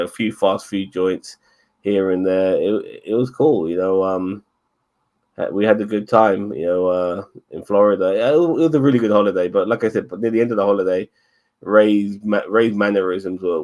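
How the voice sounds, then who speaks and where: A man's voice: deep voice, steady tone, normal speed, darkish tone. A man chatting casually as podcast co-host, rambling, swearing a lot and stumbling over repeated words. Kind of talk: casual chat.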